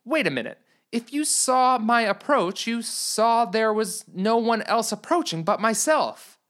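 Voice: mid-range voice, animated, a little slow, fairly bright tone, pitched above the performer's own voice. A storyteller voicing a puzzled, practical young woman in a comedy storybook, speaking dryly and patiently and asking pointed questions. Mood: bemused. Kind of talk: storybook reading.

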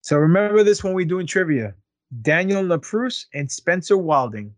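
A man's voice: high voice, sing-song, moderate pace, no room sound. A man co-hosting a casual podcast, rambling and joking with plenty of fillers. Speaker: podcast co-host.

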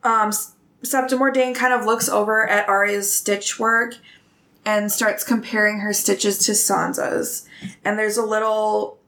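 A woman's voice: medium pitch, little pitch movement, unhurried, bright, forceful tone. A woman casually retelling a book chapter for a podcast, chatty with many fillers. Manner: chatty, many ums and likes. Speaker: podcast host summarizing a book.

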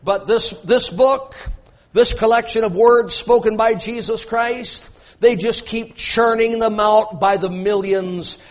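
A man preaching a sermon, emphatic and repetitive, with joking asides to his congregation. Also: high voice.

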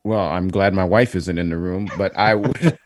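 A man's voice: deep voice, fairly even intonation, moderate pace, no room sound, studio quality. A man hosting a podcast, chatting and asking long set-up questions. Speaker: podcast host. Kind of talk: podcast interview.

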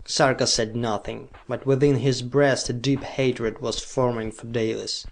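A man reading an old pulp novel aloud in a measured, steady voice. His pitch sits right in the middle, neither deep nor high. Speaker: audiobook narrator. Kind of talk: scripted narration of pulp fiction.

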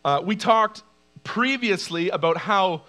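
A male pastor preaching a sermon, animated, acting out cries and shouts from the story. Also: sits high, unhurried. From Canada.

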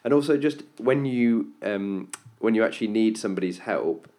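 Deep-voiced guy podcast host, rambles a bit, lots of restarts. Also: normal speed, warm tone. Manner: rambling, restarts, asks questions. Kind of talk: casual podcast chat.

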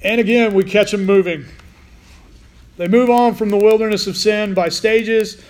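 The man's voice is high-pitched and a little mellow, with a steady tone and moderate pace. He gives a casual, conversational sermon on the Bible, informally questioning his listeners as he goes.

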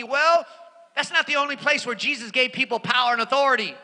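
A male preacher with a very high, piercingly bright voice delivers an animated sermon, dropping to near-whispers and then rising to shouts. His words ring out with a long reverb, as in a big church sanctuary. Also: quick pace. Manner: animated, swings from hushed to shouting. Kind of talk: sermon with personal storytelling. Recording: long reverb of a large hall.

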